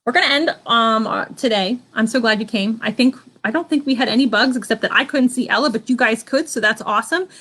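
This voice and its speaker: A woman leading an online children's church lesson at home, gently asking the kids questions and encouraging them. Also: a little high, quick pace, few pauses.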